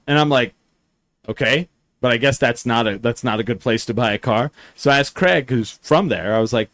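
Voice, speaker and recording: A man's voice: medium pitch, a little fast, fairly bright tone, dry recording. A man hosting a podcast in casual chat, telling rambling stories, swearing freely and acting out quotes. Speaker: podcast host. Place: lives in Albuquerque area.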